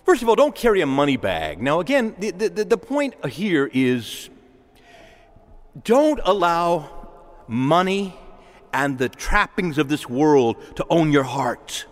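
A man's voice: on the high side, big pitch swings, takes it slowly. A man preaching a sermon as a parish priest, conversational, with asides and repeated words. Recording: long church reverb.

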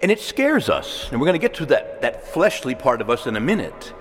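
A man's voice: medium pitch, big pitch swings, fairly quick, big-room sound, soft background music. A man preaching a sermon, emphatic, repeating key words and asking the congregation for agreement.

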